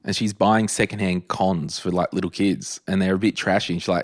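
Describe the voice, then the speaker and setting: A man's voice: deep voice, steady tone, fairly quick, no room sound, clean studio sound. An Australian man hosting a podcast in a casual, chatty way, leaning hard on repetition for emphasis. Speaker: podcast host. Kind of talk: casual solo podcast talk.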